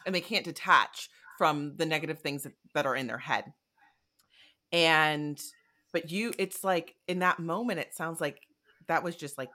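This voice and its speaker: A woman hosting an interview podcast, chatty and enthusiastic, reacting warmly to her guest. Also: low-pitched, moderate pace. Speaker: podcast host. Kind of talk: casual interview chat.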